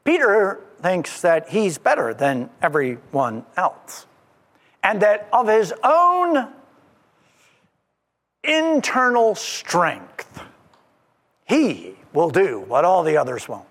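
A male preacher talks slowly and deliberately through a sermon, pressing each point with emphatic repetition. His high voice swoops up and down. It rings out with long reverb in a church sanctuary. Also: very animated, a bit bright. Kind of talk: expository sermon.

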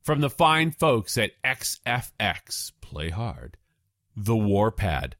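A man co-hosting a casual podcast, pitching gadget gifts like a salesman and spelling web addresses in the phonetic alphabet. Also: very animated, slow pace, a bit bright, no echo, studio quality. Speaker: podcast co-host presenting tech gifts.

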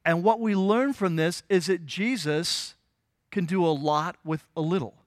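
High-voiced male pastor preaching. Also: no echo, studio quality. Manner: conversational, asks the congregation questions; voices biblical figures in quick asides. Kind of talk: sermon.

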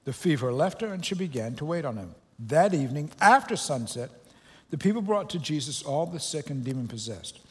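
Fairly high-pitched and a bit fast, this pastor sounds animated, darkish, and a little breathy in a big hall. He chats and jokes with his congregation in the church sanctuary, restarting loosely.

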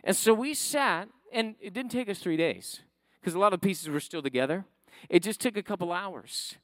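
A man's voice: sits high, expressive, normal speed, no echo. A man preaching a sermon who tells a family story, then builds to emphatic preaching. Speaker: pastor.

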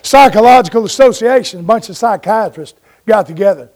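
A man's voice: sits high, lively intonation, fairly quick, darkish tone. A man preaching a sermon in a folksy way, telling stories and asking his congregation for an amen.

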